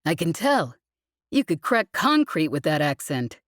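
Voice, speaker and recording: Wry tired demo crew lady, a woman reading her, low voice, slow and dry, audiobook. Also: big pitch swings, fairly bright tone, no echo, exaggerated voice. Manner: dry, joking about bureaucracy. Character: woman demolition crew leader, wry and weary.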